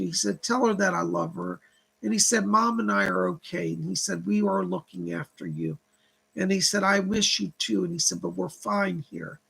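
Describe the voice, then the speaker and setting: A psychic medium host reads viewer donations on his live stream and relays what the spirits say in long runs of "she said." His voice sits high, creaky and a bit bright, with a breathy edge.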